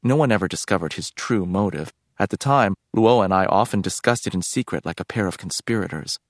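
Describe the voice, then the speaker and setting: A man reading a novel aloud as narrator in a measured, reflective way. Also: low voice, no room sound, clean studio sound. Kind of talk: scripted audiobook narration.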